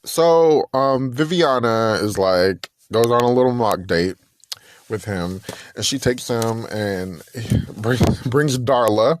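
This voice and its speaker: A young man hosting a podcast, animatedly recapping a reality TV episode, acting out the people in it and laughing often. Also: mid-range voice. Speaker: podcast host.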